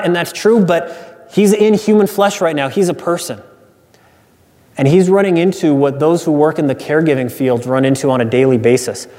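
A man's voice: a little high, normal speed, mellow. A man preaching a sermon as pastor, earnest and emphatic, repeating key phrases for weight. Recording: reverberant hall sound.

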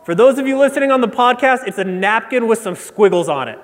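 A man from Nebraska preaching a sermon, telling an animated, self-mocking story. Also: very high-pitched, quick pace. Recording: long hall reverb.

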